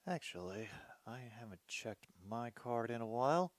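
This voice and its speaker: A man's voice: mid-range voice, lively intonation, normal speed, no room sound. A man hosting his own show, reacting casually to a football game as he watches, muttering to himself.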